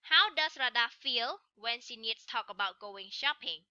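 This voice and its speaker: A woman's voice: on the high side, expressive, bright, forceful tone, no room sound, dull audio. A woman teaching an English listening lesson, explaining each step and then repeating it in Khmer. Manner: clear, slow, instructional delivery of examples. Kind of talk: recorded online lesson.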